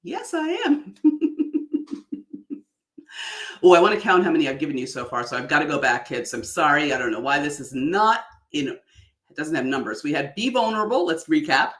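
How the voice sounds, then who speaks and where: Woman, public speaking coach, exaggerated animated talk, echoey room. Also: low voice, fairly quick, long pauses. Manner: animated, exaggerated delivery with frequent laughs. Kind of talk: online workshop talk.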